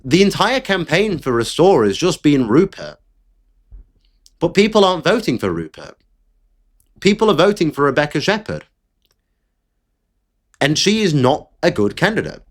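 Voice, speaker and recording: A man's voice: fairly high pitch, very animated, moderate pace, long pauses. A man hosting political commentary, talking bluntly and with frequent swearing in an exasperated rant. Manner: blunt, profane, exasperated ranting.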